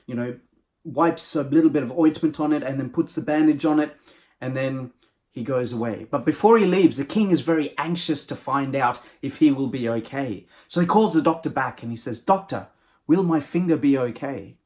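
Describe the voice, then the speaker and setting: A man, a motivational speaker, telling a moral fable with a lively delivery. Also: medium pitch, normal speed. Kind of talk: storytelling with a moral.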